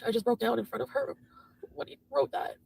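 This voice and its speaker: High-voiced woman ranting angrily. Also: steady tone, brisk, creaky, poor audio. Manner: angry, profane, breaking down, swinging from yelling to hushed. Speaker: streamer venting about a breakup. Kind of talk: emotional live-stream rant.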